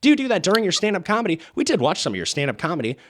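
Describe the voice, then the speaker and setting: A man hosting a comedy podcast, with a deadpan, mock-formal game-show delivery. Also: high voice, very fast, a little hiss or hum. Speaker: podcast host.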